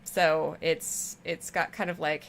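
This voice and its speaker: A woman's voice: deep voice, level tone, slow, creaky. A woman streamer chatting casually with her viewers while she plays a game, rambling and affectionate. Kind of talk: casual chat while gaming.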